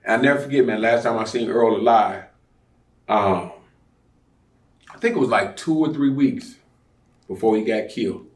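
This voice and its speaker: A man's voice: on the low side, moderate pace, long pauses. A man who mentors young people, speaking earnestly in a documentary interview and repeating his advice with emphasis. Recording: roomy sound from a distant mic.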